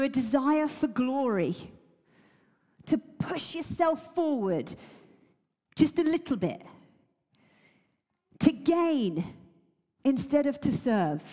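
A woman's voice: high voice, mellow, big-room sound. A woman preacher giving a sermon, earnest and emotional, laughing now and then and using many fillers.

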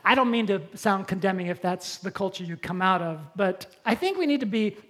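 A pastor preaching a sermon in a conversational way, using props and slowing down for emphasis. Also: medium pitch, animated, fairly bright tone.

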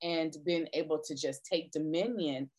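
A woman's voice: low voice, normal speed, a little mellow. A woman co-hosting a casual faith talk, earnestly sharing a personal story and affirming her partner by echoing her phrases. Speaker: podcast co-host.

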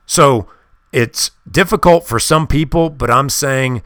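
Man, podcast host, insistent, emphatic, dry close sound, middle pitch. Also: slow, fairly bright tone, no room sound. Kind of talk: casual monologue.

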